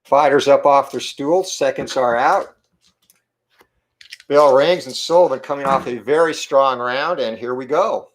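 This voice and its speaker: A man with a medium-pitched, slightly hoarse morning voice gives play-by-play commentary on a tabletop boxing game. He calls each dice roll and punch count in quick, clipped phrases.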